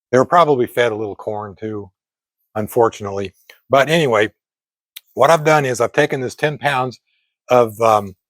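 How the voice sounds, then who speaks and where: An older man casually talking to camera while grilling outdoors, in a chatty, meandering way with frequent pauses and self-corrections. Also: mid-range voice, a bit bright, dry recording. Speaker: fitness vlogger cooking at a grill.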